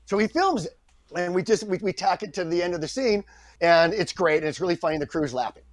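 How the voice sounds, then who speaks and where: Middle-aged man telling a lively story. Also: high-pitched, fast, no room sound. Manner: lively storyteller who acts out the people he quotes, with frequent restarts. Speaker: guest actor. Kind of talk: anecdotal storytelling in a podcast interview.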